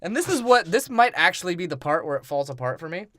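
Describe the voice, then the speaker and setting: A man's voice: sits high, sing-song, quick pace, a bit bright. A man co-hosting a podcast who laughs often and jokes, acting out movie lines in silly voices. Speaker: podcast co-host. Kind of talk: casual movie-review chat.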